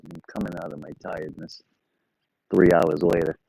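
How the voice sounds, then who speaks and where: A man's voice: deep voice, level tone, moderate pace, creaky, warm tone, muffled recording. A middle-aged man hosting a live stream, chatting casually and rambling in an easygoing way to his viewers. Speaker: livestream host.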